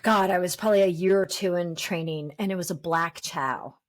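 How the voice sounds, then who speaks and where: A woman in her fifties, a dog trainer chatting as a podcast guest, telling lively stories and acting out the voices of people she quotes. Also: lowish voice, a little fast. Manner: lively storyteller who acts out quoted voices. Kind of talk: casual podcast interview.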